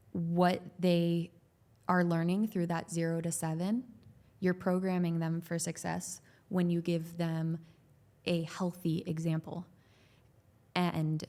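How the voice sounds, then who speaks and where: On a podcast about parenting, a female guest with a low-leaning, darkish voice shares her thoughts. She works as a growth coach, has young kids, and speaks with earnest looseness, full of "like"s and restarted sentences.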